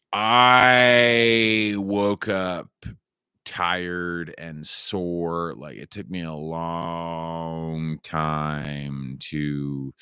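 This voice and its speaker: Man, slow rambling monologue, lowish voice, dry close sound, circles back and repeats himself, casual swearing. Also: a bit bright, clear, resonant tone, no echo. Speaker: vlogger.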